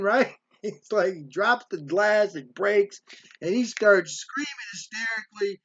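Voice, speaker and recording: A middle-aged man with a fairly high voice spins a rambling, streetwise story in a hotel room. He keeps tossing in "man" and "right". The recording is dull and lo-fi. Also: unhurried, a bit bright. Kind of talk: casual storytelling monologue.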